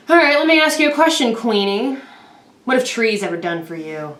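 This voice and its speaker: A woman playing a sardonic chaotic evil character who scorns nature. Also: fairly low pitch. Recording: echoey room.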